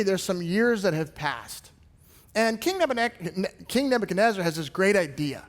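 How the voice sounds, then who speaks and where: A high-pitched man preaching in a church, telling the story in a loose, conversational style. His voice rings out with a long reverb off the walls of a big sanctuary. He sounds like a pastor easing his congregation into the passage. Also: moderate pace. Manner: animated, casual storytelling retelling scripture. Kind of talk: sermon. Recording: long reverb of a large hall.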